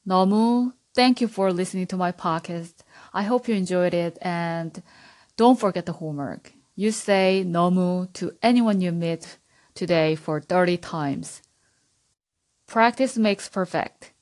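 Slow, low-voiced Korean-accented woman teacher. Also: darkish tone. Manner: patient, repeats words slowly for learners. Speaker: podcast host teaching Korean. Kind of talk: slow language lesson.

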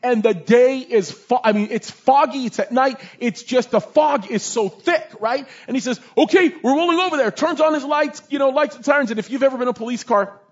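A man with a very high voice preaches, full of energy and story. He slips into shouting to act out scenes. The recording sounds dull and lo-fi. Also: a little fast, few pauses. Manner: animated storytelling, shouting in re-enactments. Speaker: chaplain and preacher. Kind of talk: sermon.

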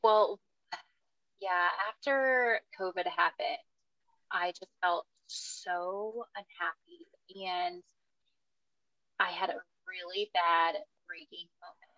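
A woman's voice: on the low side, steady tone, takes it slowly, vocal fry, pushed and bright, no room sound, highs cut off. A woman in her thirties, a mother and podcast guest, speaking candidly and animatedly in casual conversation.

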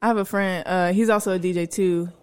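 A woman's voice: on the low side, steady tone, quick pace, a little mellow, smooth. Young woman dj, laid-back slangy storytelling, casual podcast chat. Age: young adult. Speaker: guest DJ.

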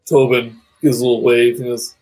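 A man runs a tabletop game, narrating in a casual, halting way full of small pauses. His voice sits in an ordinary middle range. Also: mid-range voice, flat delivery, darkish tone, breathy edge, poor audio. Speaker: game master.

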